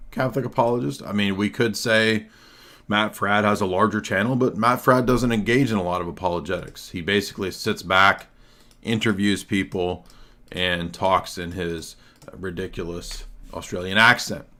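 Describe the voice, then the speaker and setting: A man hosting a livestream, delivering combative, sarcastic commentary and often clearing his throat. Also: lowish voice, sharp tone. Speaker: livestream host. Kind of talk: argumentative solo commentary.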